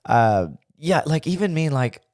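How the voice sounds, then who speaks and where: A man's voice: on the high side, animated, a little slow, a little mellow, no room sound, studio quality. A man guesting on a casual podcast, earnest and thinking aloud as he makes his case. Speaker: comedian guest.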